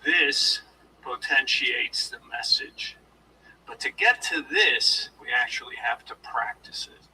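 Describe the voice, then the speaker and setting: Man, former police officer, motivational lecture, deliberate and demonstrative, distant mic, faint room ambience. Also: mid-range voice, very animated, pushed and bright, a little hiss or hum. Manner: demonstrative, deliberate, coaching the audience. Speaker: former law enforcement officer turned speaker.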